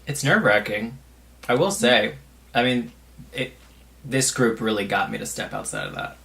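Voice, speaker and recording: Male podcast guest, low gravelly voice, bright tone, casual rambling storyteller. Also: big pitch swings, moderate pace. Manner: rambling anecdotes full of filler words.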